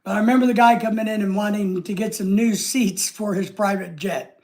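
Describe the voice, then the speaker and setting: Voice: mid-range voice, fairly quick, a little mellow. A live-stream host chatting casually with viewers, rambling and trailing off at the ends of thoughts.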